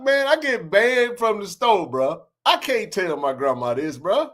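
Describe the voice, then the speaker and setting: A high-sitting voice with a measured pace and hardly any pauses belongs to a sports podcast host in his forties. He tells neighborhood stories casually, laughing and animated, with plenty of slang.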